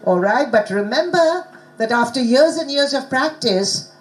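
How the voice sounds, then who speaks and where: In a conference hall, a woman who isn't a native English speaker presents a workshop on pronunciation, engaging her audience with questions. Her high-pitched voice has lively intonation and a measured pace, though the recording is rough.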